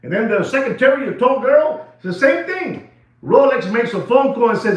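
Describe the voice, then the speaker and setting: A man dealing in watches, ranting excitedly to camera in casual talk, repeating himself and dropping into Spanish phrases. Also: extremely high pitch, normal speed. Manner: animated, repetitive, switches into Spanish phrases. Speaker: watch dealer. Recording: echoey room, dull lo-fi sound.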